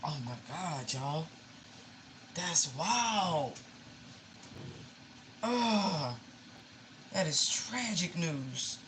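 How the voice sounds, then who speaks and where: Woman, tarot reader, low voice, emotional, pleading, casual swearing, faint background noise. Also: animated, very slow, pauses often. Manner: swears casually, says y'all. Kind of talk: casual live tarot reading.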